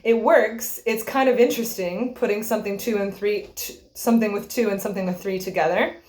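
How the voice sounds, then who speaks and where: A woman's voice: medium pitch, steady tone, brisk, a little mellow. Patient woman teaching rhythm and bowing. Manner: patient, checks in with "okay?" often, sings rhythms on syllables. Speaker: string teacher. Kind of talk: explaining rhythm and bowing to a student.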